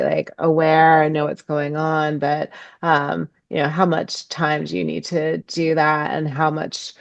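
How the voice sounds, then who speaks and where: Slow, low-voiced thoughtful woman guest. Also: vocal fry, no echo, lo-fi sound. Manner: thoughtful, halting, many ums. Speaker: podcast guest, ecopsychology author. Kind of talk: reflective interview conversation.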